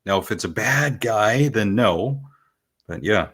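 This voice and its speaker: A man co-hosting a podcast, chatting casually in a calm, dry, measured way. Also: lowish voice, breathy edge. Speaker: podcast co-host. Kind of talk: casual chat.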